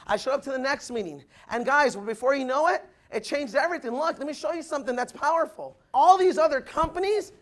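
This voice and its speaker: High-voiced energetic male motivational speaker. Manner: energetic, addresses the crowd as guys, acts out quotes. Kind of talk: motivational business talk.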